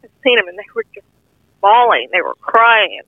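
A woman's voice: medium pitch, sing-song, moderate pace, no room sound. An older woman earnestly telling a heartfelt personal testimony in plain, informal speech. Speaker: guest sharing a testimony. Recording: tinny phone-line audio, dry.

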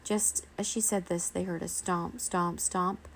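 A woman reading a children's chapter book aloud as a bedtime story, in a lively, expressive way. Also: fairly low pitch, a little slow, a little hiss or hum.

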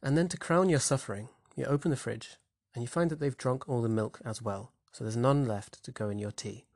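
A man's voice: medium pitch, fairly quick, a little mellow, no room sound, studio quality. A man teaching literature in a wry, conversational way, posing questions to the listener as he explains a poem. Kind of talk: explanatory lesson narration.

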